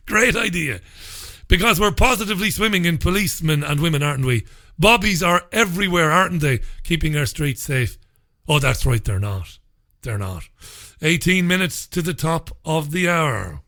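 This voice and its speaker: A man's voice: fairly high pitch, expressive, moderate pace, bright, forceful tone. A man hosting a talk radio show, reading listener messages and answering them with blunt, sarcastic remarks. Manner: sardonic, sarcastic; blunt, swears freely.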